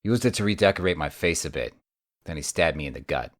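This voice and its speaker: Croaky, battered young mage, very deep and gruff, swears bluntly, read by a male narrator. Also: animated, fast talker, no echo, studio quality. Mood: weary. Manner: blunt and profane.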